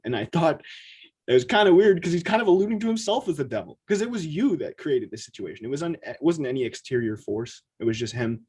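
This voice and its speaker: A man co-hosting a podcast in a casual chat, talking in an animated way and acting out quotes in quick asides. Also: fairly high pitch, breathy edge. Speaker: podcast co-host.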